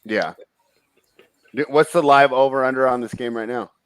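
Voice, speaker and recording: A man from Northern California hosting a casual sports betting chat, easygoing and quick to laugh. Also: mid-range voice, clean tone, no echo. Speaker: sports betting show host. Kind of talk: casual live game chat.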